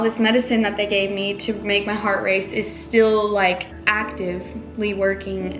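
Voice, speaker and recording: A woman's voice: mid-range voice, fairly bright tone. A young woman telling a personal story to the camera in a casual, emotional way, full of "like"s and restarts. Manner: emotional, rambling retelling with many "like"s. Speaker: family vlogger. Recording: echoey room with faint music.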